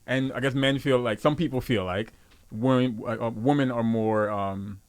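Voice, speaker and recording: A man's voice: medium pitch, clear, resonant tone. Guy guesting on a podcast, mid voice, keeps restarting his sentences. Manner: halting, lots of restarts and fillers. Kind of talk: casual chat.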